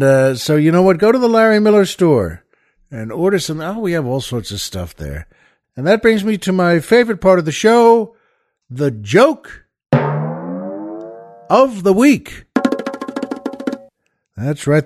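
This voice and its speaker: A man's voice: on the high side, a little mellow. A man hosting a podcast, telling jokes in a rambling, chuckling way with many restarts and fillers. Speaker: podcast host. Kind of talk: casual joke telling.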